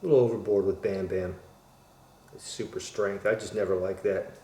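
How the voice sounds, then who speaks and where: A man's voice: sits low, steady tone, moderate pace, mellow. A man chatting casually and cracking jokes while he works on a repair at his kitchen counter. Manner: rambling, joking asides. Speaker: electronics restorer. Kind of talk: casual chat while working. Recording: echoey room, faint background hum.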